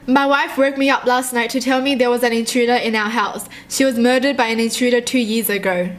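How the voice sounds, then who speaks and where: A young woman reading short horror stories aloud and reacting in a jumpy, excitable way, often laughing. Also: on the high side, fairly quick.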